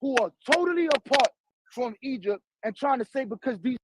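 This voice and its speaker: A man's voice: very high-pitched, expressive, fairly quick. A man arguing in a heated online debate, aggressive and profane, talking over his opponent. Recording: loud background noise with clicks.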